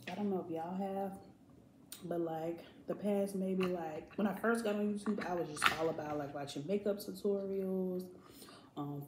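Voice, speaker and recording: A woman's voice: lowish voice, roomy sound, a little hiss or hum, low-quality recording. A woman, chatting casually to her viewers while eating. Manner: chatty, relaxed, laughs often. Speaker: family vlogger. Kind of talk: casual mukbang chat.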